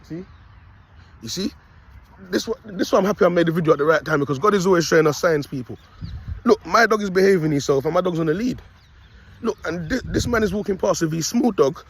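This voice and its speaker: Walking his dog outside, a young man records himself on his phone delivering a rambling, preachy monologue as a self-styled prophet, leaning on "you get me" and "people." He has a high, husky voice and talks fast.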